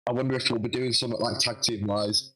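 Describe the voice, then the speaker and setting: Man telling a story, bright voice. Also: medium pitch, fast, rough recording. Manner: animated, acts out quoted dialogue. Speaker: guest wrestler. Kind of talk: casual storytelling interview.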